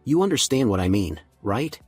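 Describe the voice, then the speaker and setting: A man's voice: mid-range voice, very animated, moderate pace, a little mellow, breathy edge, dry recording, soft background music. A man voicing a sweet, bold young woman who talks with breezy, innocent teasing.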